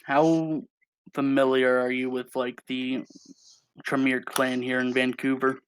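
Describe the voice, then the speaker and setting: A man running a tabletop role-playing game as game master, narrating in a measured, calm way. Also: mid-range voice, a little hiss or hum, rough recording.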